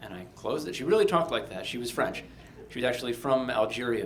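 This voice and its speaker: Guy from delaware doing a live comedy story, wry, lively, middle pitched voice, faint rumble. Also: fast talker. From Delaware, USA. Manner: wry, animated, comic timing. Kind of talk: live personal storytelling for an audience.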